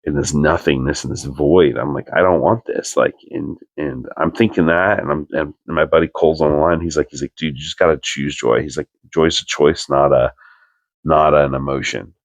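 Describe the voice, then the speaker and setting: A man's voice: extremely low pitch, brisk, hardly any pauses, no echo. A young man, a podcast co-host, telling a personal story in an earnest, rambling way full of "like" fillers.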